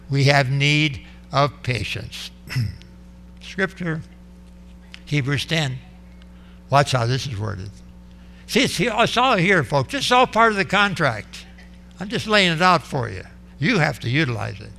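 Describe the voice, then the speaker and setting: Male pastor, fairly high, bright and forceful voice, emphatic sermon delivery with sudden loud bursts. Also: very animated, a little slow, creaky.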